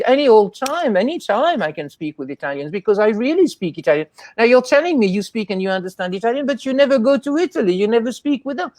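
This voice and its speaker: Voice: medium pitch, a little mellow, no room sound. A guest in a casual interview, telling rambling anecdotes and acting out the voices of people in the stories. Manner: acts out quoted voices.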